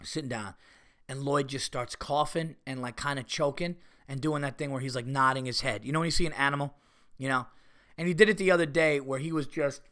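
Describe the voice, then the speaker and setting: A middle-aged man hosting a podcast, telling stories in a casual, animated way while fighting off a cold. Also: medium pitch, a little fast. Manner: animated storytelling, exaggerated retelling. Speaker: podcast host.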